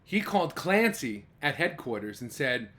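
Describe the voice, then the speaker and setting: A man reading a children's picture book aloud, animated and stopping to ask the young listener questions. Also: medium pitch, moderate pace. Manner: animated, asks the listener questions, gasps and exclaims. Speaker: children's storyteller.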